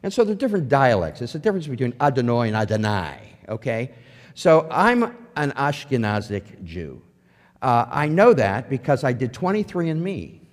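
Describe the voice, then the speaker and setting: Lively man telling his testimony. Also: medium pitch, normal speed. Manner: animated storytelling with acted-out quotes. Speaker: testimony speaker. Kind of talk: humorous personal testimony. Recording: long hall reverb.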